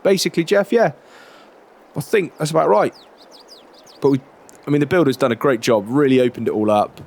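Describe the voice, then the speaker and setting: Chatty man with a gravelly voice. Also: fairly high pitch, fairly quick. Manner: relaxed, chatty, many fillers and restarts. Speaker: roleplay creator. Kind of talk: game roleplay.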